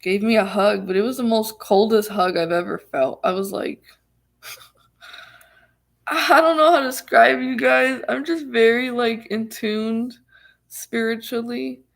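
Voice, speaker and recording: A woman's voice: fairly high pitch, takes it slowly, creaky. A young woman vlogger casually telling viewers a personal story, chatty and full of restarts and laughter.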